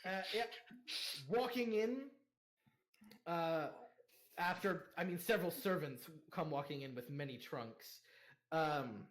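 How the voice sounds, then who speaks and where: A man's voice: fairly high pitch, takes it slowly, long pauses. A young man narrating as game master, rambling with fillers and laughter.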